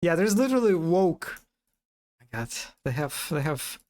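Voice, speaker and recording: A man's voice: on the high side, expressive, moderate pace, a little mellow. A man streaming live in casual commentary, amused, often restarting his sentences and imitating animal sounds.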